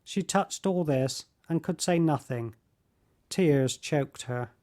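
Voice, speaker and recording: A man narrating a classic novel as an audiobook, reading in a slow, measured way. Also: fairly high pitch, a little mellow. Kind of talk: scripted narration.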